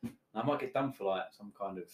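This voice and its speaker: A man's voice: on the low side, quick pace. Chatty man in an echoey room. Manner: chatty, tells stories with filler words. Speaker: podcast co-host. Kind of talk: casual football chat. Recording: roomy echo.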